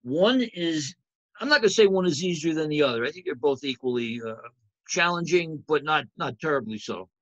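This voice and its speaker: A man's voice: fairly high pitch, expressive, fairly quick, fairly bright tone, no echo, dull audio. Man lecturing, asking rhetorical questions. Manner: conversational, asks rhetorical questions. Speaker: accounting instructor. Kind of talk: lecture over slides.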